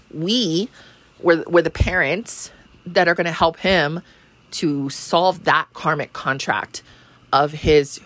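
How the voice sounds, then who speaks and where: A woman in her thirties with a low voice, telling a story on her podcast. She talks loosely, swears, laughs easily and says "you know" often. The recording is dry and close. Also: dry recording. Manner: chatty, swears freely, laughs often, says 'you know' a lot. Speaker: podcast host. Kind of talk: casual storytelling monologue.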